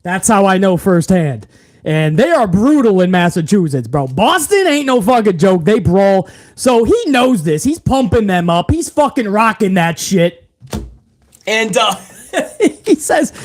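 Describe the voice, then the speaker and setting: Hosting a live wrestling review, a man from New England talks like a fan among friends, loose and excitable, with plenty of slang and cursing. He speaks at a measured pace in a high voice that rises and falls widely.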